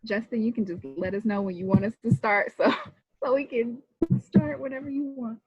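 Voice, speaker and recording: A woman's voice: fairly high pitch, fairly even intonation, moderate pace, a little mellow, breathy edge, no echo. Chatty woman presenting over a muffled call. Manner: friendly and chatty, with frequent ums. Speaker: presenter of a student colloquium. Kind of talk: casual presentation. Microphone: video call. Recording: dry, muffled video-call audio.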